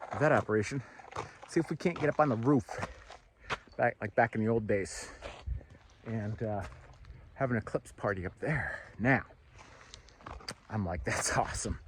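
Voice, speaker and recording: Man, casual outdoor vlog, rambling chat, lots of fillers, handheld camera, low-pitched, faint background noise. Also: normal speed, pauses often. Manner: rambling, thinking out loud with fillers; high sing-song baby talk to the dog. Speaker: vlogger walking his dog. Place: outdoors, walking near trees.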